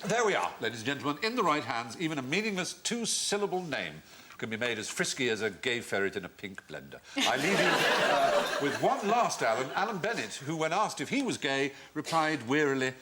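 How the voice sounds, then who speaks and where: A man's voice: on the high side, big pitch swings, fairly quick. A man hosting a quiz show, telling witty, erudite anecdotes in a playful manner. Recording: studio audience laughter and noise.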